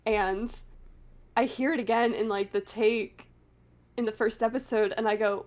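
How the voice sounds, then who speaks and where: A woman's voice: fairly high pitch, normal speed. A woman voice actor in a casual panel interview, chatty and giggly, with lots of fillers, talking over a remote call.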